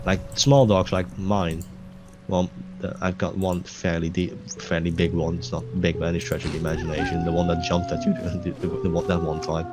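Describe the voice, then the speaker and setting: A man's voice: low-pitched, little pitch movement, a little fast. A young man chatting casually over gameplay, rambling with lots of restarts and swearing freely. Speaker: gaming video host. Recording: music playing clearly behind voice. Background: game music.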